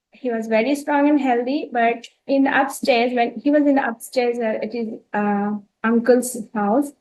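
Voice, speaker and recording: A woman's voice: fairly high pitch, darkish tone, low-quality recording. Earnest woman with an Indian English accent. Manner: earnest, with many fillers and restarts. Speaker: spiritual talk presenter. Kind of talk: storytelling talk.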